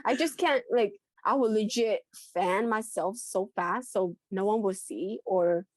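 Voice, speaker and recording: A woman's voice: mid-range voice, measured pace, a little mellow, no room sound. A woman co-hosting a book podcast in casual chat, talking with many restarts and frequent laughs. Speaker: podcast co-host.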